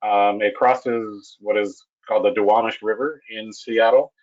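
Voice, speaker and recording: Low-voiced man giving a halting technical webinar talk. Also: fairly even intonation, a little mellow, dull audio. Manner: halting, with frequent restarts and fillers. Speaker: webinar presenter, bridge project manager. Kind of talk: technical presentation.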